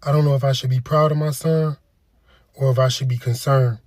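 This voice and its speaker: A man telling comic stories in a deadpan, casual slang delivery. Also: mid-range voice, brisk. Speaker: comedian. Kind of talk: comedic storytelling skit.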